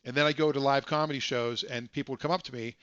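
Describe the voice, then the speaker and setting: A man's voice: medium pitch, steady tone, quick pace, fairly bright tone, smooth, no room sound. Man, live-stream host, rambling, self-correcting, dry close sound, dull lo-fi audio. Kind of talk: casual live-stream chat.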